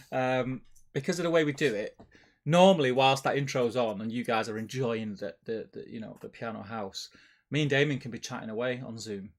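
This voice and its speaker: A man's voice: mid-range voice, normal speed. A man hosting a live hobby stream, chatting casually and rambling with restarts while painting miniatures and reading out chat. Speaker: stream host.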